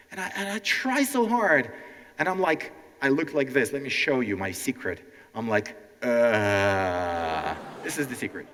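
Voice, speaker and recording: A man from Ukraine hosting a live educational stand-up show, animated and teacherly, often checking in with the audience. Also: mid-range voice. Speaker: language teacher and show host. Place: large hall before a live audience. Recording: long hall reverb.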